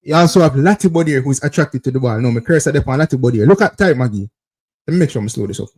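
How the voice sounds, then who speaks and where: A man's voice: mid-range voice, expressive, very fast, a little mellow. A man with a Jamaican accent hosting a football call-in show, insistently breaking down plays over footage and calling out to viewers. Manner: repetitive, insistent, keeps addressing viewers as people.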